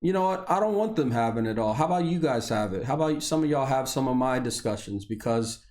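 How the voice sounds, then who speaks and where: An Indiana military veteran in his thirties, a video blogger, launches into an unscripted, profane personal rant, swinging between heated anger and low weariness. He speaks fast and expressively with a darkish tone.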